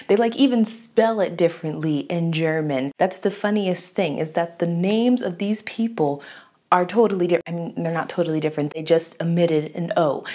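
A young woman from Florida talks straight to her audience in a relaxed vlog style. Her voice sits a little low, and she keeps things light with playful asides and frequent laughter. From United States (Florida). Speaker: YouTube vlogger. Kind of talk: casual chat to camera.

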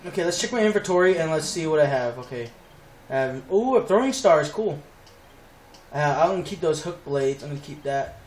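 A man playing a video game and commenting on it, excitable and swearing as he mutters to himself. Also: fairly high pitch, a little fast. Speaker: let's play gamer. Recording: echoey, distant with background noise.

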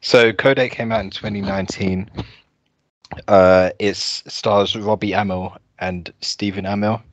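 A man's voice: on the low side, fairly even intonation, unhurried, dry recording, highs cut off. A young man co-hosting a podcast, chatting casually and rambling as he explains a film. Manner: rambling, laughing, full of fillers. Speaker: podcast co-host. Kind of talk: casual chat.

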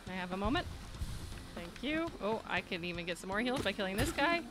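A woman streaming a video game live, talking to the game in animated bursts of chatter. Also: medium pitch, quick pace. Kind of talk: live game-play commentary.

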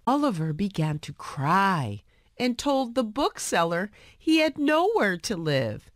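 A woman reading a storybook aloud in a slow, expressive way for English learners. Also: mid-range voice, dry recording, studio quality.

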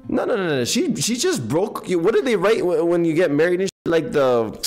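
A man of Ethiopian background giving casual gaming commentary in animated, excitable, slangy banter, tired and half awake. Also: sits high, fairly quick. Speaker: game streamer. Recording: voice over game audio and faint music.

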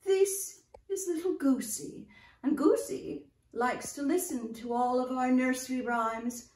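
An older woman presenting nursery rhymes to young children, talking to them in an animated, sing-song way. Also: high-pitched, a little slow, echoey room, distant mic. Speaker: children's storyteller in costume.

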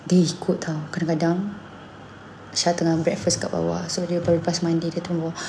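A woman in her thirties with a Malaysian accent, chatting casually and telling animated stories, switching between English and Malay mid-sentence. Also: lowish voice, fast talker, gravelly, slight background noise. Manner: animated storytelling, acting out her son's lines. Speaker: singer and mother. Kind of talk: casual chat.

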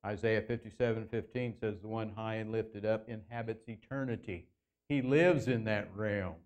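A man preaching a sermon as pastor in a church, earnest, slowing down and lifting his voice to stress key phrases. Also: a little mellow. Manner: earnest preaching, slows and lifts pitch for emphasis. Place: church sanctuary.

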